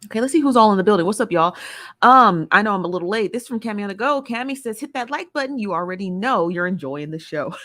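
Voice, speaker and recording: A woman's voice: fairly high pitch, fairly bright tone. A woman hosting a live stream, chatting casually and playfully while greeting viewers by name.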